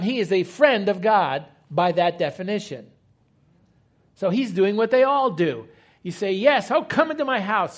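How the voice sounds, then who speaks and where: Male preacher, high voice, conversational teaching sermon. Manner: explanatory, conversational, rhetorical questions.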